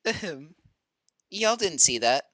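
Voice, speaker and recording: An excitable streamer gives chatty live playthrough commentary, the voice swinging widely in pitch. The sound is close and dry, with no room around it. Reactions burst out as shrieks and swearing before settling back into rambling chat. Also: slow pace, no room sound. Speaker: streamer reading a fan-made game.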